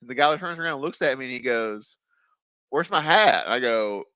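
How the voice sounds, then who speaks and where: A man co-hosting a casual podcast chat, telling stories with lively acted-out quotes. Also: mid-range voice, fast, smooth, no room sound, muffled recording. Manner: animated storyteller, acts out quotes. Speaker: podcast co-host.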